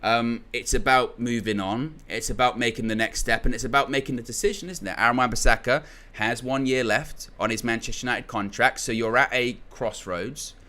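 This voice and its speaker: A man's voice: mid-range voice, fairly even intonation, a little fast, few pauses, pushed and bright. A young man hosting a football channel, giving casual opinion commentary in a rambling way, restarting phrases often and leaning on filler words.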